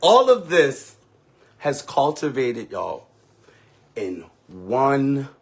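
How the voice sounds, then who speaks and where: A man's voice: on the low side, slightly rough. A man who is a ballroom house mother, telling an emotional, candid and profane story on a live stream with sassy, dramatic delivery.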